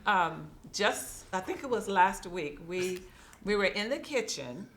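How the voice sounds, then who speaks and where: A middle-aged woman pastor chatting casually with her husband, often pausing and correcting herself. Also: medium pitch, animated, a crowd in the background. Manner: halting, self-correcting, laughing often. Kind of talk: casual chat.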